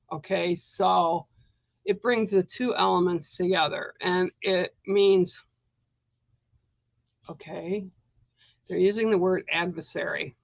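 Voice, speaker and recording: A woman's voice: lowish voice, vocal fry, no echo, lo-fi sound. A woman giving a chatty, reassuring live-stream card reading, talking straight to her viewers. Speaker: psychic card reader.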